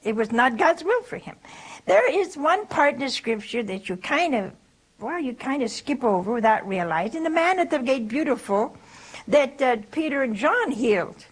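A woman's voice: high voice, very animated, moderate pace, rough recording. An older woman giving a spiritual talk, telling folksy stories and asking rhetorical questions. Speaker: religious speaker.

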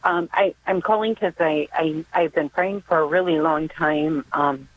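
A woman's voice: deep voice, measured pace. An older grandmother calling in to a radio show, hesitant, with many ums and restarts as she asks for prayers. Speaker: caller. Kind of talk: phone-in prayer request. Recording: tinny phone line.

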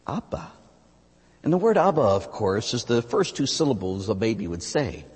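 Animated American priest preaching in a reverberant hall. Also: male voice, normal speed, husky. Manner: animated, rises high on emphatic phrases then drops low and quiet. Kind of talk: sermon.

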